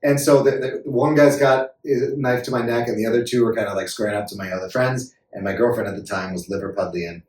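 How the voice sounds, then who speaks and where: An American actor as a podcast guest, telling a story in a lively, laughing way and acting out voices. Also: male voice, mid-range voice, fast, few pauses, slight background noise. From United States. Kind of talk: animated storytelling. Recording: roomy room, distant mic.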